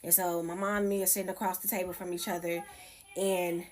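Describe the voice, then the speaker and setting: A woman's voice: on the low side, little pitch movement, brisk, a little hiss or hum. A woman casually recounting a personal story in a conversational way, shown as a clip in a reaction video.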